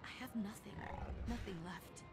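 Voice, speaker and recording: A woman voicing a grieving widow of a desert hunter, soft, pleading and desperate. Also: mid-range voice, normal speed, background noise, natural voice.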